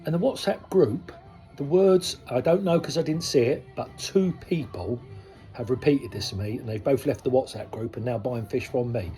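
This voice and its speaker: A man's voice: medium pitch, moderate pace. A man in his sixties, a koi dealer, speaking frankly and casually to his viewers, rambling through asides. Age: 60s. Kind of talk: casual talk to camera. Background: soft soul music.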